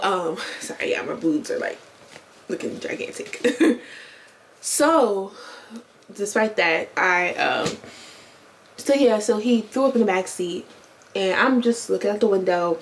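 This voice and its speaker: A woman in her twenties talks straight to her camera in a loose, chatty vlog style. She rambles and circles back, restarts her sentences and fills the gaps with ums and likes. Her voice sits at an ordinary middle pitch for a woman, picked up by a small camera mic. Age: 20s. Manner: rambling, chatty, self-correcting, many fillers. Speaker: vlogger. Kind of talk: casual storytelling to camera. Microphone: compact camera on-board mic.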